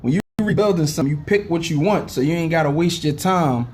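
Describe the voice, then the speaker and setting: A man's voice: a little high, fast, a little mellow, a little hiss or hum. Heated young man ranting. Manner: profane, heated, repeats "know what I'm saying". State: has a headache. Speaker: sports fan vlogger. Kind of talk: casual rant to camera.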